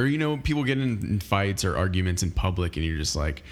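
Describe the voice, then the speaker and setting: A man's voice: sits low, fast talker, few pauses. A man co-hosting a podcast, musing casually with lots of fillers. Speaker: podcast co-host. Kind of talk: casual chat.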